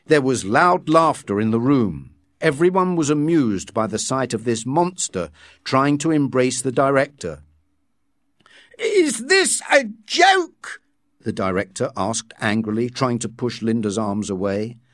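A man reading a story aloud with measured scripted narration. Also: mid-range voice, animated, no echo, studio quality. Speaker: audiobook reader.

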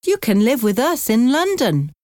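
A woman voicing a calm, caring young woman in an audiobook, gently reassuring. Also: fairly high pitch, moderate pace, no echo, studio quality, voice pushed up.

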